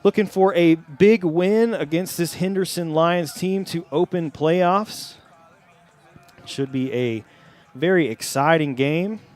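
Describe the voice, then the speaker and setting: A young man hosting a live soccer broadcast from a stadium press box, with a steady, friendly announcer delivery. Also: fairly high pitch, slow. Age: young adult. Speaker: play-by-play host. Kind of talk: sports broadcast commentary.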